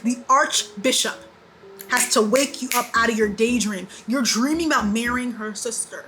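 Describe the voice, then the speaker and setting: A woman in her twenties giving a casual, animated TV recap, repeating lines for emphasis and laughing often. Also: a little high, moderate pace, slight background noise, poor audio. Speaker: beauty vlogger.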